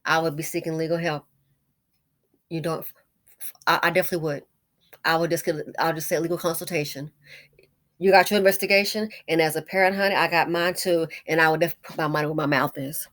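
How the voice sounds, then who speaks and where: A woman's voice: low voice, steady tone, fast talker, a bit bright. Indignant middle-aged woman commentator, emphatic and repetitive, fond of "honey". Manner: indignant, emphatic, repeats phrases; calls the listener honey. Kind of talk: casual video commentary.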